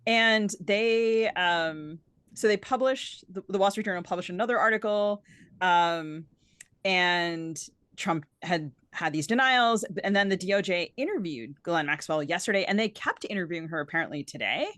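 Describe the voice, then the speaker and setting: A woman co-hosting a podcast interview, with a notably low voice. She talks casually and loosely, with a lot of filler words. The sound is dry and close. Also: moderate pace, fairly bright tone, dry recording. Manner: chatty, with frequent filler "like". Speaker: podcast co-host.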